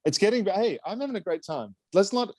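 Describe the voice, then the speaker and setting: An Australian man co-hosting a casual sports show, animated and joking in quick banter. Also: high-pitched, no echo. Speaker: co-host, former pitcher. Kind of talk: casual chat.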